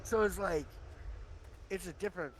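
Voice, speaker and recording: Gamer guy on discord, kinda high voice, rambling and teasing his buddy. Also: moderate pace, slight background noise. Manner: rambling and teasing, lots of filler words. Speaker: streamer. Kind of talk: casual gaming chat. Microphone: online voice chat.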